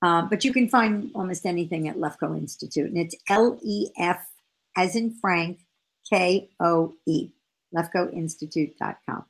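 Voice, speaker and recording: Woman, middle-aged, parenting expert, interview answers, lively, acts out dialogue. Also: lowish voice, normal speed. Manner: animated, acts out dialogue with her kids.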